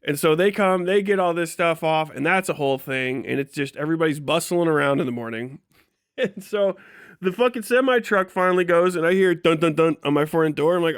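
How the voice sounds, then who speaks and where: A streamer from Kentucky spins a story in an animated, expletive-heavy way. His voice sits a touch high for a man. The sound is dry and close, with no room around it. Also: a little fast, clean tone, no echo. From Kentucky, USA. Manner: profane, animated retelling, frequent laughs. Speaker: live streamer. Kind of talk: casual storytelling on a livestream.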